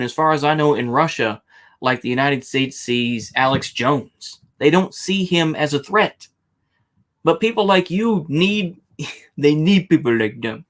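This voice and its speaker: A man hosting a reaction stream, talking in a casual, sarcastic and argumentative way. He rambles and circles back on his points. His voice sits at an ordinary middle pitch. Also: a bit bright. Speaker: stream host reacting to a video. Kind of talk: casual commentary.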